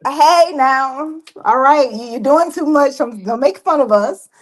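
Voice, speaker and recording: A woman's voice: sits high, a little slow. A woman from Alabama with a Southern accent, a lawyer chatting on a panel, thoughtful and rambling with fillers. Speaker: bankruptcy lawyer guest on a panel. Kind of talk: casual call-in chat.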